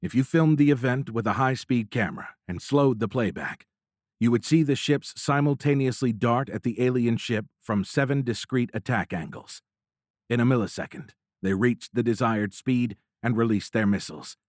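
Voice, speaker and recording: A man narrating a military thriller audiobook in a measured, dramatic reading, recorded close. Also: medium pitch, darkish tone, no room sound. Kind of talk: scripted narration. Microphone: close studio mic.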